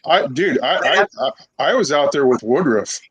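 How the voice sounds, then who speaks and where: A man's voice: mid-range voice, expressive, normal speed, fairly bright tone, slightly rough, dry recording. A man co-hosting a talk show of police stories, chatting casually and giving short agreeing replies. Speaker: podcast co-host and retired officer. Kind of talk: casual chat.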